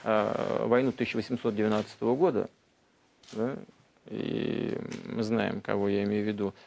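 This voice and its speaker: A man giving formal public remarks in a halting way, with frequent hesitations. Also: lowish voice, level tone, vocal fry, a little mellow, a little hiss or hum.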